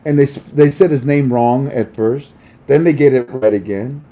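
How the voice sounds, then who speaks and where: A man hosting a casual monologue in an animated manner, laughing often and acting out voices. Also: mid-range voice, moderate pace. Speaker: host.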